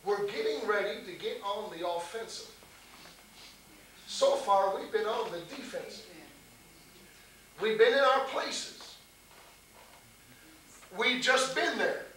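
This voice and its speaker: A man's voice: very high-pitched, pushed and bright. Male preacher, folksy storyteller, distant mic with hiss. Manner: folksy, chuckling often while telling a story. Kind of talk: storytelling sermon. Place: church service. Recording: echoey hall recording from a distance with noise.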